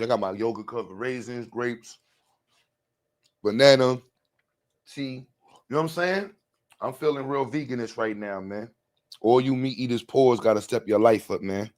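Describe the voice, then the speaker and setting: A man hosting a livestream, talking in a loose, rambling, slangy way with frequent laughs. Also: mid-range voice. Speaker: livestream host. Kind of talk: casual livestream chat.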